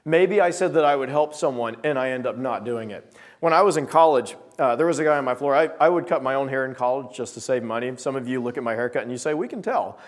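A man's voice: mid-range voice, fast talker. A young man preaching a sermon to a small gathering, telling stories and acting out quoted voices. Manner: animated storytelling with voiced quotes.

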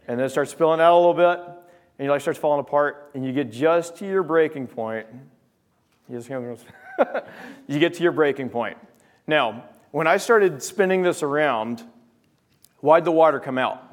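A man preaches a sermon built around an object lesson and talks directly to his congregation. His delivery is animated and conversational. His voice sits somewhat higher than most men's. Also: moderate pace.

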